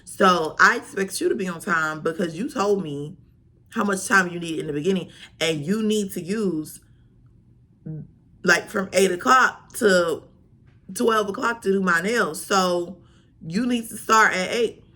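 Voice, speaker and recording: A woman vlogger telling a storytime, sassy and animated, full of slang. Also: medium pitch, unhurried. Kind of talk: storytime vlog.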